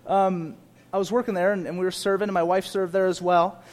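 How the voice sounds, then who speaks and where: A young man preaching a sermon with a fairly high voice. He drops to quiet, almost conversational asides, then builds to loud, emphatic repeated phrases for the congregation. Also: flat delivery, fairly quick. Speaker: pastor.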